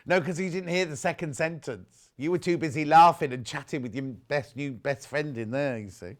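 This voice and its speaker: A man's voice: on the high side, normal speed. A man presenting fabrics on a live shopping channel, chatting and joking casually and reading out viewer messages. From United Kingdom. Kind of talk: casual live sales chat.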